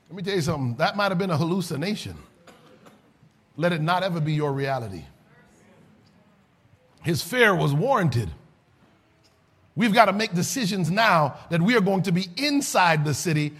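Male preacher, high husky voice, sermon delivery with shouted, sing-song peaks.

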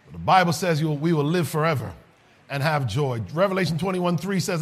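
A man preaching a sermon, rising to shouts and then dropping low and soft. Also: expressive, fairly quick, slightly rough.

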